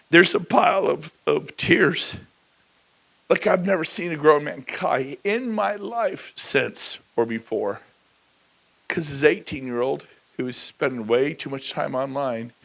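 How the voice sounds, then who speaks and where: A middle-aged man giving a motivational talk on a conference stage, blunt and joking, with sudden loud bursts. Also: medium pitch, vocal fry, low-quality recording. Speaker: keynote speaker.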